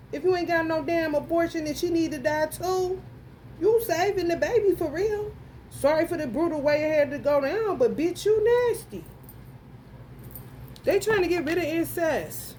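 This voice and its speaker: A woman's voice: very high-pitched, normal speed, darkish tone, a little hiss or hum. A woman giving a casual astrology reading, talking bluntly and profanely straight to her viewers, with frequent exclamations. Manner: blunt, profane, emphatic, addresses viewers directly; breaks into frequent laughter and exclamations. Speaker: tarot reader.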